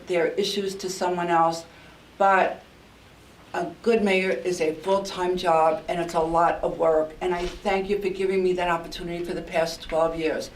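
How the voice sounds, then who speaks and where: A woman's voice: on the low side, a little hiss or hum. An older woman from New York with a New York accent, an outgoing mayor giving a heartfelt farewell speech at a council meeting, repeating herself with many ums. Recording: echoey room, mic at a distance.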